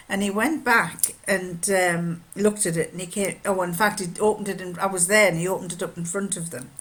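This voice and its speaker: A woman's voice: fairly low pitch, steady tone, a little fast, hardly any pauses, a bit bright. An older woman from northern England, chatting casually in a rambling, anecdotal sewing vlog. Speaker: sewing vlogger. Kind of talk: casual chat.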